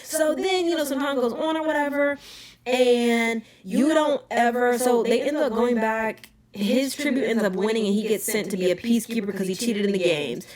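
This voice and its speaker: A young woman hosting a podcast, talking casually in an emphatic, animated rant. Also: on the high side, moderate pace. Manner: animated, emphatic ranting with frequent "okay?" asides. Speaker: podcast host. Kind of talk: casual chat.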